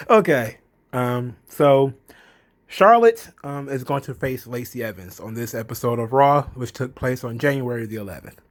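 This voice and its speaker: A man hosting a casual commentary vlog, laughing often and talking loosely with profanity. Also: mid-range voice.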